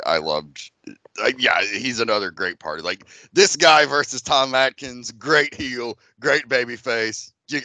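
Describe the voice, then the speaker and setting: A man's voice: on the low side, bright, forceful tone, dry recording. A man hosting a podcast, chatting casually about a movie in a rambling way that swears and restarts often. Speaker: podcast host. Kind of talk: casual movie review chat.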